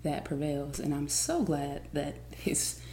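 A woman hosting a faith podcast, energetic and chatty, teaching from scripture with excited exclamations. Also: low voice, slow pace, slight background noise. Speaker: podcast host. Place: home studio on camera.

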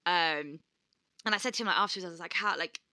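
A woman's voice: fairly low pitch, fast talker, pushed and bright, no room sound. A woman co-hosting a podcast, telling stories animatedly and swearing freely as she acts out quotes. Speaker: podcast co-host. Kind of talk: casual chat.

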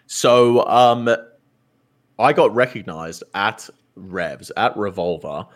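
A young man, a streamer telling a story in casual chat, animated and full of swearing. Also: on the low side, takes it slowly. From Australia. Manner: animated, swears a lot, acts out quoted voices.

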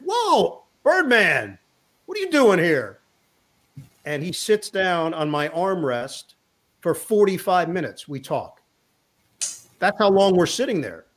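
A middle-aged man and sports broadcaster, a guest telling a lively anecdote in an interview, acting out the lines of the people in his story. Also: a little high. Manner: lively anecdote teller who acts out quotes.

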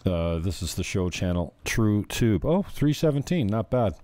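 A man's voice: lowish voice, very animated, normal speed, mellow, no echo. A man hosting his own show, giving rambling, profane, joking commentary on viral videos. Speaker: show host.

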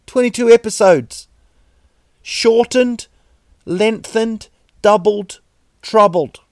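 A man with a New Zealand accent hosting a solo podcast, rambling deadpan jokes with many fillers and restarts. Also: high-pitched, slow, no room sound, studio quality. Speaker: podcast host. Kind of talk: solo comedic podcast monologue.

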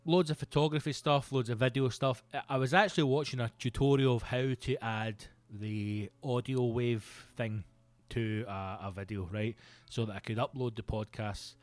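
A Scottish man in his thirties hosting a solo comedy podcast, telling rambling, sweary, animated stories. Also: mid-range voice, moderate pace, dry recording. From Scotland. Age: 30s.

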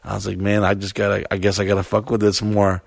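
A young man with a low, gravelly voice tells a wild story on a podcast in loose, profane chat. He acts out his own reactions as he goes. The sound is close and dry, with no room around it. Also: monotone, fast talker, no echo. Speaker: podcast host.

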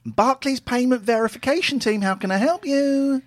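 A podcast host voicing a chirpy, formal female bank call-center worker in a high, sing-song voice during a comedy phone-call sketch. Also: normal speed, dry recording, clean studio sound, close to an everyday voice.

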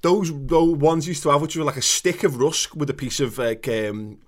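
A man's voice: animated, normal speed. A man, co-hosting a casual chat and ranting with lots of swearing. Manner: sweary ranting, swings pitch up when worked up. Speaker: podcast co-host.

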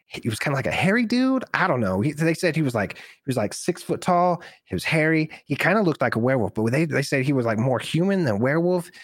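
A man's voice: medium pitch, no echo. A man voicing an eager, rambling halfling woman reporter who stammers and gushes. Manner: stammering, rushed and gushing.

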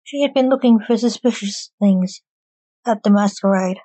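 A woman storyteller reading a story aloud in an even, measured way. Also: medium pitch, dry recording, rough recording.

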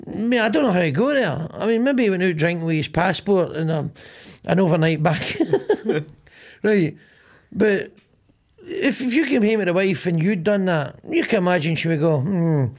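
A man's voice: high voice, lively intonation, normal speed. A middle-aged man with a Glaswegian Scottish accent hosting a podcast, telling rambling, sweary stories and acting out both sides of arguments. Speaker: podcast host. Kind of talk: casual comedic chat.

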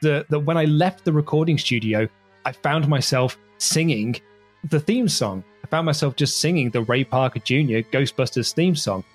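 A man's voice: on the high side, expressive, normal speed, faint music behind. A man co-hosting a podcast, chatting casually in an enthusiastic, rambling way with many restarts. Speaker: podcast co-host. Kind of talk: casual chat.

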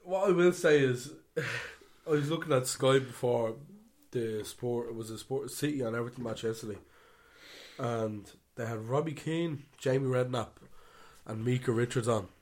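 A man co-hosting a football podcast, ranting animatedly and swinging between loud outbursts and muttered asides. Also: medium pitch, moderate pace. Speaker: podcast co-host. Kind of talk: casual football chat.

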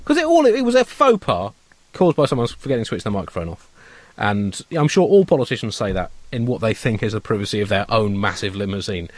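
A man's voice: mid-range voice, dry recording. A man co-hosting a satirical comedy podcast, riffing absurdly and rambling through restarts. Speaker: co-host.

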